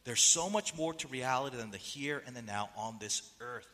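Nasal-voiced pastor preaching in a hall. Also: male voice, mid-range voice, normal speed, few pauses, sharp tone. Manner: emphatic, rhetorical questions, reads quotes aloud. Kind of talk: sermon. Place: church sanctuary.

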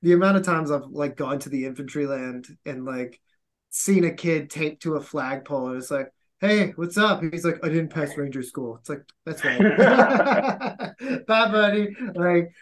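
A man, an army veteran, telling animated anecdotes in casual podcast chat and acting out the quotes. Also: on the high side, unhurried.

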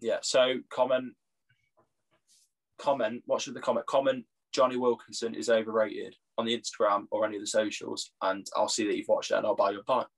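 A man's voice: fairly low pitch, flat delivery, brisk. Jokey young Englishman, podcast chat. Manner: jokey, laughs often. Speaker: podcast co-host. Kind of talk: casual chat.

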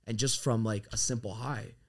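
A man's voice: lowish voice, normal speed, gravelly. A man from Canada, a podcast guest, talking energetically and swearing freely as he tells stories from his working life. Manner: energetic, profane, storytelling. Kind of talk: casual podcast conversation.

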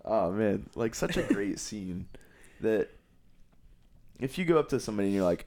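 A man with a lowish voice chats casually as a podcast co-host. He walks through a film scene beat by beat. He laughs often as he tells it. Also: moderate pace. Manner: animated retelling with frequent laughter. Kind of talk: casual movie-discussion chat.

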